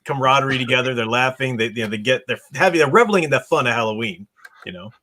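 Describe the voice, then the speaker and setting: An American man hosting a book study, reading passages aloud with expressive dialogue voices and discussing them. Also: mid-range voice, racing.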